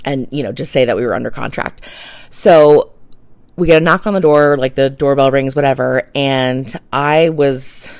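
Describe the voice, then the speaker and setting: Female podcast host, gravelly edge, close and dry, rambling chatty storyteller with lots of fillers. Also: rumbling low, dry recording. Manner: chatty, filler-heavy, laughs while telling a story. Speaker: realtor. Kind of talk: casual storytelling monologue.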